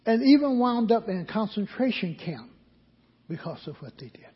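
A man's voice: sits high, sing-song, normal speed, slightly rough. A male preacher delivering a sermon, asking the congregation questions and answering them himself. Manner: call-and-response questions to the congregation. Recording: dull recording with long hall reverb.

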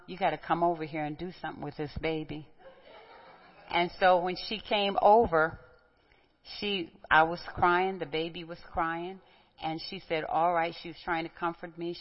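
A middle-aged woman teaching a group, conversational, telling personal stories and asking rhetorical questions. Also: low-pitched. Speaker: women's Bible teacher. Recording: dull, reverberant hall recording.

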